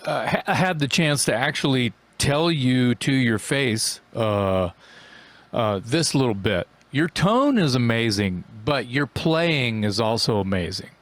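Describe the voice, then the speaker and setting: A man's voice: medium pitch, animated, unhurried, dry recording. A man hosting a podcast, talking as an eager fan and swearing casually. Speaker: podcast host.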